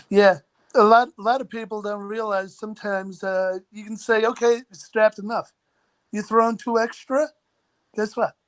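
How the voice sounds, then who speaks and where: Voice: mid-range voice, steady tone, a little slow. A speaker chatting casually on a livestream, laid-back and agreeing along with the host.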